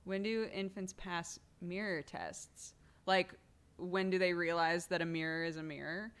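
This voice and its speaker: A woman's voice: fairly low pitch, steady tone, unhurried, a bit bright, smooth. A woman streamer chatting casually and using playful baby talk with an infant. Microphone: desk microphone.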